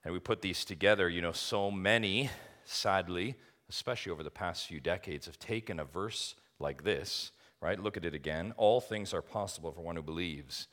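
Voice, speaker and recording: A man's voice: low voice, moderate pace, fairly bright tone. A man preaching an expository sermon, emphatic, asking rhetorical questions and addressing his listeners as friends. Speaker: pastor.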